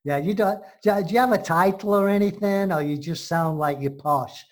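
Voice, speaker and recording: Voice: medium pitch, moderate pace. An American show host, brash and joking, who heckles a guest in a playful mock-argument. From United States. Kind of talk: bantering radio-style chat.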